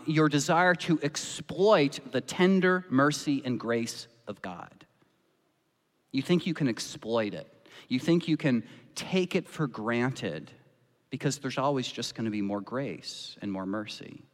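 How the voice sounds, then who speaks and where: A man preaching a sermon as pastor, impassioned and acting out the voices he quotes. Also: a little high. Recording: long reverb of a church hall.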